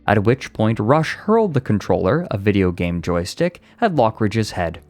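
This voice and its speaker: A man with a fairly low voice streams casually, reading an article aloud and cutting in with rambling, profane asides. Faint music plays softly underneath him. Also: very animated, normal speed, no room sound. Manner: profane, rambling asides between read passages.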